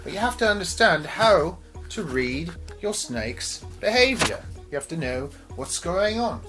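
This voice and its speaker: A woman's voice: on the low side, sing-song, unhurried, music in the background, poor audio. A woman talking casually to camera in a playful, chatty way, sweet-talking her animals while vlogging in a snake room at home. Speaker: reptile keeper vlogger. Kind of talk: casual vlog talk to camera.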